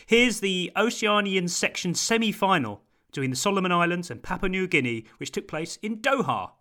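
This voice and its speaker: A man's voice: sits high, very animated, moderate pace, pushed and bright. A man hosting a football podcast, chatting in a wry, dry-humored way and steering the talk. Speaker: podcast host. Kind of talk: casual chat.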